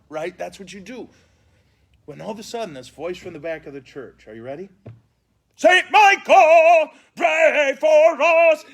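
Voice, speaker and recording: A man's voice: high voice, husky. A man who is a priest, telling funny stories in a casual catechesis talk with mock outrage. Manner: animated, comic storyteller with mock outrage. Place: indoors at a funeral home, live stream.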